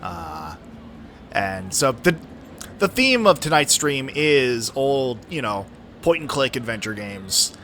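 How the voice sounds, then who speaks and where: Brief: bright-toned male streamer, animated, wry and profane commentary. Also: mid-range voice, slow pace, slight background noise. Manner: wry, profane, laughs often. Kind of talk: casual gaming commentary.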